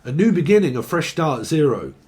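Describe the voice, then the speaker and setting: A man's voice: on the high side, big pitch swings, fairly quick, a little mellow. Joking, profane man reading tarot. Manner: joking, rambling and swearing freely. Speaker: tarot reader.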